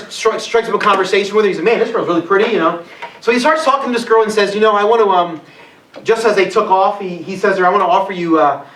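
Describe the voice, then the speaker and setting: Young man, youth pastor, casual sermon, high voice, roomy echo, heard from a distance. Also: fairly bright tone, a little hiss or hum. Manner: conversational storytelling with frequent fillers. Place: church hall. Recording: echoey hall from far off.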